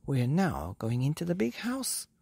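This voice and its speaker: A man voicing a clever, excited father monkey who gives eager commands. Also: on the high side, normal speed, creaky, breathy edge, no echo, full character voice. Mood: urgent.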